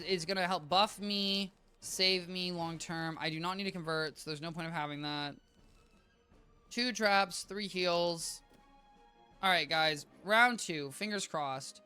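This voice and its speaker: Bright-voiced tired streamer man, chatty. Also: fairly high pitch. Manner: rambling, self-interrupting, chatty with viewers. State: a little tired, low energy. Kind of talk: casual live-stream gameplay chat. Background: game music.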